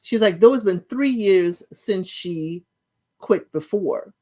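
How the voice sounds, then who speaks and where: Lively, chatty woman recapping a show. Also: medium pitch. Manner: chatty, retells scenes in quick paraphrase. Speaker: reality show recap host. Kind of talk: casual show recap commentary.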